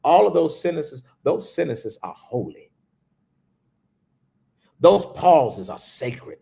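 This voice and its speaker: A male spiritual teacher speaking in an unhurried, gravelly voice. He gives a reflective livestreamed talk and lets his words fall to a hush on the key phrases. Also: mid-range voice. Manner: slow, reflective, with hushed pauses.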